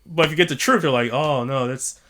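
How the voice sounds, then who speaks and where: A man's voice: medium pitch, a little fast, fairly bright tone. A man co-hosting a podcast, talking loosely, laughing and swearing freely. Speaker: podcast co-host. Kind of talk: casual chat. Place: living in Japan.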